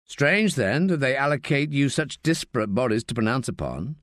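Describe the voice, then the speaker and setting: A man's voice: mid-range voice, animated, moderate pace, a bit bright, dry recording, clean studio sound, natural voice. A man playing a persistent, cool-headed police detective, probing and needling.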